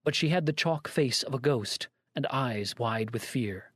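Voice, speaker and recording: A man reads a story aloud at a measured, even pace. His voice is slightly husky and mid-pitched, with a dry, close sound and little room around it. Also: dry recording. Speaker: audiobook narrator. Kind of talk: scripted narration of a story.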